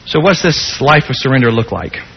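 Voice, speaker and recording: A male preacher giving a sermon with rhetorical questions, swinging between loud and hushed delivery. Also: medium pitch, expressive, normal speed, lo-fi sound, slight background noise.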